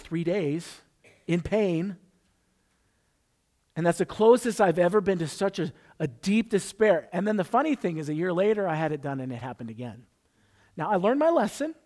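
A man's voice: fairly high pitch, animated, fairly quick, a little mellow. A man preaching a conversational sermon, telling a personal story and joking with the congregation. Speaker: pastor.

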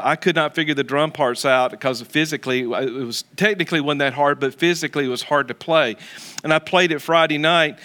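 Man, pastor, sermon, earnest storytelling, crisp clear tone. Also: a little high, bright, forceful tone. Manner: earnest, storytelling with many restarts.

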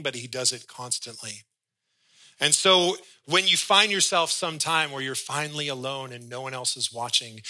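A pastor delivering a sermon with a very bright, forceful tone. He tells stories and acts out short bits of dialogue as he makes his points. His voice sits at an ordinary pitch for a man. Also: low-quality recording. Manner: storytelling, acts out little dialogues.

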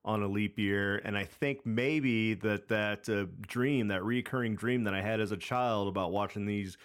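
A man's voice: on the low side, steady tone, normal speed. A man in his thirties telling a long personal story in casual chat, rambling with many fillers and restarts. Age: 30s. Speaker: podcast co-host.

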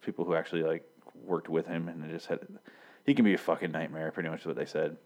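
A man's voice: extremely low pitch, little pitch movement, fast, darkish tone. A man from Michigan reviewing a TV show in a casual, rambling way, swearing often and correcting himself. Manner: profane, filler-heavy, self-correcting.

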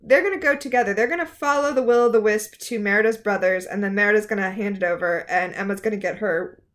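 A woman's voice: mid-range voice, fast. A woman co-hosting a podcast, recapping a TV episode in casual, sarcastic chat. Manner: sarcastic, animated retelling. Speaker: podcast co-host.

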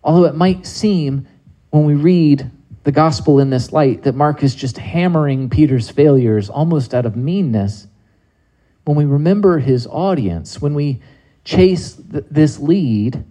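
Man, preacher, sermon, rhetorical questions, conversational, mellow tone. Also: on the high side, expressive, measured pace, rough recording.

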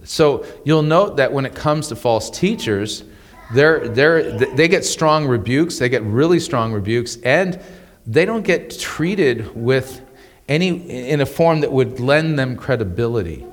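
A man gives a casual but animated Bible lesson in a mid-pitched voice. He often restarts his sentences and repeats words, with a chuckle in between. The sound carries a long reverb. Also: a little slow. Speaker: Bible teacher. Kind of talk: conversational Bible teaching.

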